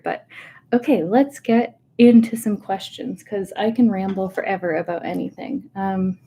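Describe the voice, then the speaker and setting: A woman in her thirties, chatting soft-spoken and a little nervous on a livestream, rambling with many fillers and asides. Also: mid-range voice, a little slow, slight background noise. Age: 30s. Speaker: ASMR host. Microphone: webcam setup.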